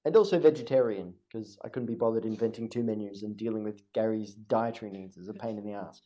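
Relaxed, dry-humoured male game master. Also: lowish voice, fast, a little hiss or hum. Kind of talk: narrating a tabletop game.

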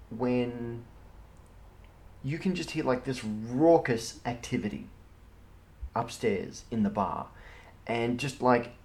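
A man runs a tabletop game, narrating in a loose, easygoing ramble full of "like" and "you know". His voice sits at an ordinary middle pitch. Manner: relaxed, rambling narration with many fillers. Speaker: game master.

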